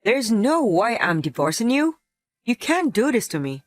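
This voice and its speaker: A woman voicing a defensive, sick husband in a text-message story, read in a flat synthetic way. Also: a little high, normal speed, no echo. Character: sick abusive husband, adult man, defensive.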